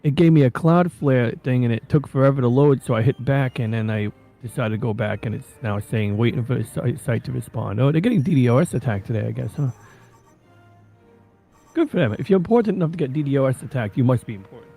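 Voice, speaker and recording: A man chatting casually on his stream, rambling and animated, often breaking into voices. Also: medium pitch, fairly quick, gravelly, soft background music. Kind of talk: casual chat.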